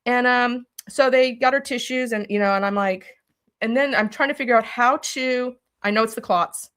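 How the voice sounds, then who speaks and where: Brief: middle-aged woman, interview guest, urgent and emphatic storyteller, voice sitting a little high. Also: moderate pace, fairly bright tone, clean tone. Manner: urgent and emphatic, acts out her own past words in quotes. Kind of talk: emotional personal storytelling.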